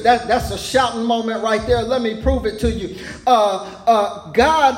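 High-voiced preaching pastor, echoey. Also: male voice, a little slow, faint music behind. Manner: repeats words in rising preaching cadence. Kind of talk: sermon.

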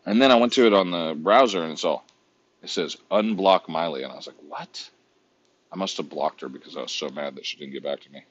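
Deep husky man rambling profanely. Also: quick pace, lo-fi sound. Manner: profane, rambling, self-mocking. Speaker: vlogger. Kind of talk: casual rambling chat while browsing online.

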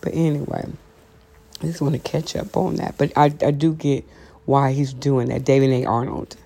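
Gravelly, candid woman vlogger. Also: a bass voice, little pitch movement, normal speed, warm tone. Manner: sassy, blunt and conversational, many "you know"s. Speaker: vlogger hosting her own talk show. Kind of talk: candid opinion monologue to camera. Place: at home, seated with coffee.

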